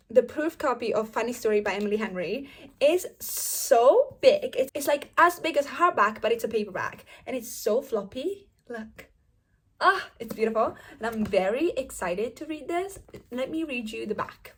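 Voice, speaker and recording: A young woman, gushing excitedly about new books in a casual vlog. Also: fairly high pitch, slightly rough. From Italy. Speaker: book vlogger. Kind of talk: casual book haul chat.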